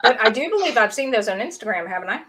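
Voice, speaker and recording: A woman's voice: a little high, very animated, fast, bright, forceful tone. A woman on a podcast, chatting casually with wry, teasing interjections. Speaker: podcast co-host. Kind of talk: casual chat.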